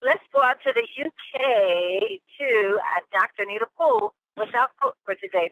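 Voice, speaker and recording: A woman hosting a conference call, briskly and cheerfully calling on speakers. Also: mid-range voice, expressive, phone-quality sound. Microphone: phone line.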